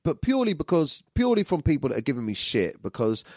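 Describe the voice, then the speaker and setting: A man telling an animated, profanity-heavy story in slangy everyday speech as a vlogger. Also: fairly high pitch, fast talker, dry recording, studio quality. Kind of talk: storytelling monologue.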